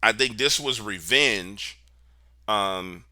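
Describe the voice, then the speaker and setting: A man's voice: lowish voice, takes it slowly, sharp tone, dry recording, clean studio sound. A man being interviewed, telling a story in a casual, slangy, emphatic way. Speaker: interview guest, paranormal researcher.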